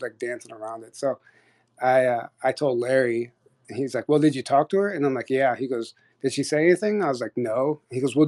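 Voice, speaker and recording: A man in the middle of a long, casual story, his speech packed with "like" and quick restarts. His voice sits at an ordinary, middle pitch, and he tells it in an animated, rambling way. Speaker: guest storyteller on an audio chat.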